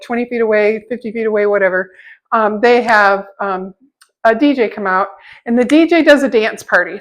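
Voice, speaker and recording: Chatty middle-aged woman, high voice, vlog storyteller who laughs a lot and acts out other people's voices. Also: a bit bright, low-quality recording. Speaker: vlogger.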